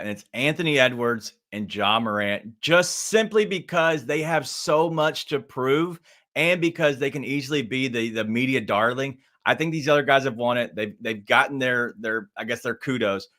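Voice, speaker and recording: A man on a sports betting panel who gives his picks in a measured, thoughtful way. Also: medium pitch, sharp tone. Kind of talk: sports betting show chat.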